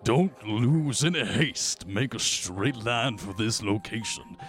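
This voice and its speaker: A man's voice: mid-range voice, animated, takes it slowly, a bit bright, soft background music. A man voicing a paranoid, urgent man in hiding in a tabletop game. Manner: urgent, secretive.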